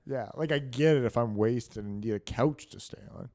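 A man co-hosting a casual podcast chat, self-conscious and teasing, quick to laugh. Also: medium pitch, a little mellow. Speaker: podcast co-host.

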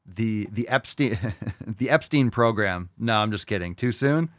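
A man's voice: on the low side, measured pace, noisy background. A man hosting a fitness podcast, coaching listeners in a blunt, joking, profane casual chat.

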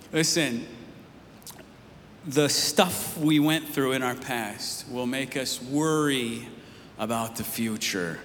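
A man's voice: medium pitch, slow pace, fairly bright tone. A man preaching a casual, conversational sermon as a pastor, telling stories to his church. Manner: casual storytelling, rising emphatic near the end. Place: church sanctuary. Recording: long hall reverb, faint noise.

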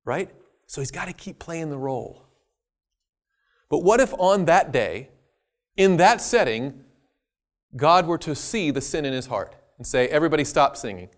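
A man preaching a sermon, telling a story with lively jokey asides. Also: a little high, unhurried, pauses often.

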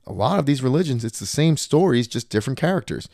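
A man's voice: mid-range voice, fast talker, no echo, studio quality. A man in his thirties, a podcast host, chatting casually and bluntly, telling stories and acting out other people's voices. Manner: blunt, animated storyteller doing voices of others.

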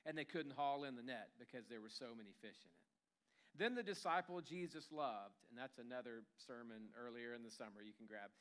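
A man's voice: mid-range voice, expressive, brisk, fairly bright tone. A pastor giving a sermon in a casual storytelling way, acting out the lines of the people in his stories. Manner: conversational storytelling, acting out quotes. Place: church.

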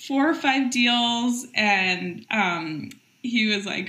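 A woman's voice: mid-range voice, roomy sound. A middle-aged woman entrepreneur, a guest in a casual interview, talking energetically with lots of "like" fillers. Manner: energetic, quick, heavy use of "like" fillers.

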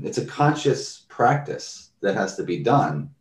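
A man's voice: on the low side, unhurried, reverberant, distant mic. A man talking casually about mindfulness, telling everyday stories and acting out people's reactions. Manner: animated storyteller, acts out quoted reactions. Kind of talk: casual conversational talk.

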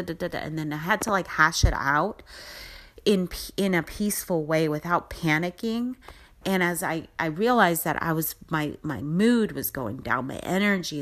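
A woman's voice: low voice, fairly bright tone. A middle-aged woman hosting a podcast, telling a personal story in a chatty, rambling, upbeat motivational way. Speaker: podcast host. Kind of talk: casual storytelling monologue.

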